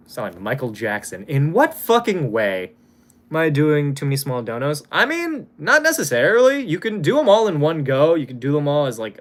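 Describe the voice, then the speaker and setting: A young man from Hawaii talks to his live-stream chat, thanking donors and answering questions in a loose, chatty way. His voice sits a bit high and moves around a lot, with a casual curse dropped here and there. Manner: chatty, lively, swears casually.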